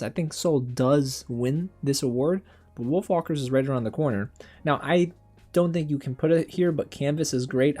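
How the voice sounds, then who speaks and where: Host, young man, casual reaction commentary, worked-up and animated, mid-pitched, faint music underneath. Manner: animated, exasperated, talks straight to viewers. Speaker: film critic and channel host.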